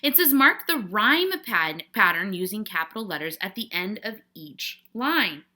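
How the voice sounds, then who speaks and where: Bright-voiced woman teacher, checking in "okay?". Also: mid-range voice, big pitch swings, measured pace. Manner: patient, checks in with frequent "okay?". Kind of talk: classroom lesson walkthrough.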